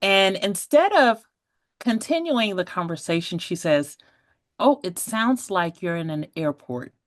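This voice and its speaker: Here a woman in her forties shares her own tale as a guest on a podcast, animated and often laughing as she mimics the people she quotes. Her mid-range voice unfolds a little slowly in a studio-quality recording free of room sound.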